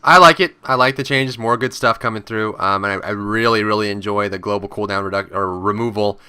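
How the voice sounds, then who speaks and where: A man's voice: fairly quick, a little hiss or hum. A man in casual gaming chat, talking about patch changes and acting out panicked players now and then. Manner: animated, acts out panicked players in high voices.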